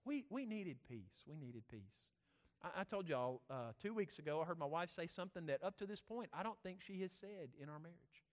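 A man's voice: a little high, expressive, a little fast. A man, preaching a sermon and telling rambling family stories with many restarts. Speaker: pastor. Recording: long reverb of a church hall.

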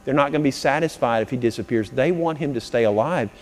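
A man preaching a sermon as pastor, swinging between loud, dramatic passages and hushed, earnest ones. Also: medium pitch, quick pace. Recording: long reverb of a large hall.

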